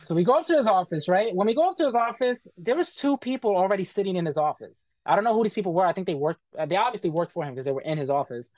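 A man's voice: high voice, animated, very fast, few pauses, a little mellow, no echo, studio quality. A man being interviewed, bluntly retelling a bad experience in casual, profane talk full of quoted back-and-forth.

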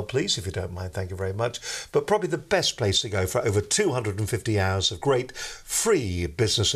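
A man hosting a business talk show in a TV studio, chatty with light jokey asides. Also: on the low side. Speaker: host.

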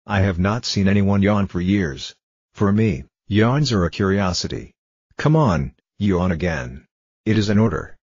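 A man voicing a pompous but kindly old king, reading his commands calmly with little change of voice. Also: low-pitched, unhurried, husky, dry recording, full character voice. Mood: commanding. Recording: dull lo-fi dry recording.

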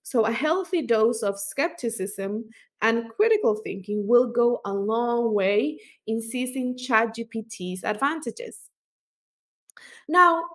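A woman teaching as an instructor, explaining step by step with fillers and small self-corrections. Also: fairly high pitch. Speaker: language instructor.

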